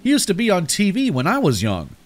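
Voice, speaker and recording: A man's voice: high voice, wildly swooping pitch, fairly quick, pitched above the performer's own voice. A man voicing a frail, kindly old man with a quavering voice. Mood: friendly.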